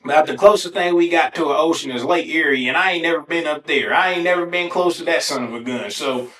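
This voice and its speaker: A man hosting a podcast alone, telling funny stories in a casual, animated way and swearing freely. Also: fairly high pitch, quick pace. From Ohio, USA. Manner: animated, swears casually, breaks into exaggerated self-mocking. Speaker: podcast host. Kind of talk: casual solo storytelling. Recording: echoey room.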